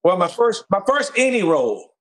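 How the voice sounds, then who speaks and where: A man from North Carolina, a guest actor, telling his story in an animated, emphatic way and repeating phrases for stress. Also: high-pitched, moderate pace. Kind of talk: excited storytelling interview.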